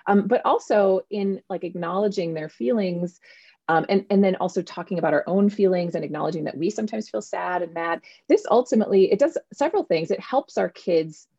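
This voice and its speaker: A woman in her thirties, an author, chatting in an interview with an animated manner and plenty of fillers. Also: mid-range voice, brisk, breathy edge, no room sound. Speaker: author and guest. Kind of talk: casual interview conversation. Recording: dull, lo-fi sound.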